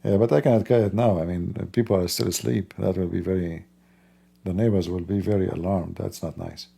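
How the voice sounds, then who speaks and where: A man speaking slow, simple English with non-native grammar, laughing and teasing as he talks. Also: low-pitched, steady tone, creaky, mellow, husky. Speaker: livestream host. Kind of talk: casual mocking commentary.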